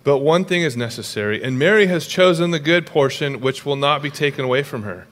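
Young guy pastor preaching, jokey and animated, slightly high voice. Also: long reverb tail. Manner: animated, jokey storytelling with quick asides. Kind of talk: sermon.

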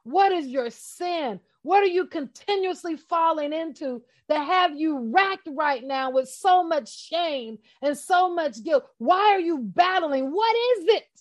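Slow, high-voiced woman preaching. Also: expressive. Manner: impassioned, emphatic, talks straight to listeners. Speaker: bible teacher. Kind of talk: casual sermon.

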